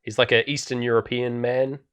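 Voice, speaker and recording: A man's voice: mid-range voice, little pitch movement, brisk, fairly bright tone, clear, resonant tone. A man co-hosting a podcast, recapping a film in a rambling casual chat with many fillers and frequent laughter. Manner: rambling, laughs often, heavy filler words. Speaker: podcast co-host.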